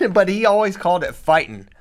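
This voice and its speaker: A young man tells stories about coaching on a casual podcast. He is animated and often laughs through his own punchlines. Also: high-pitched, normal speed. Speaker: wrestling coach and podcast co-host.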